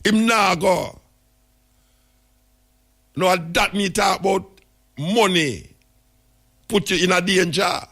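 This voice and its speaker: A man's voice: high-pitched, takes it slowly, long pauses, fairly bright tone. A man with a Jamaican accent, hosting a talk radio show and telling stories in patois. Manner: storytelling in Jamaican patois, emphatic. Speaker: radio host.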